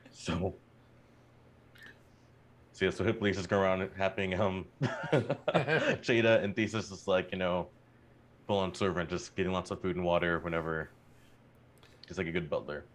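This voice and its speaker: A man's voice: deep voice, measured pace, pauses often. A man playing in a tabletop game, teasing and playful in banter. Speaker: player.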